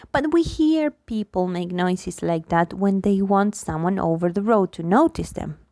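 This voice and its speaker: A woman lecturer reading a book chapter aloud in an expressive, lively way, acting out the examples. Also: lowish voice, no echo. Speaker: linguistics lecturer.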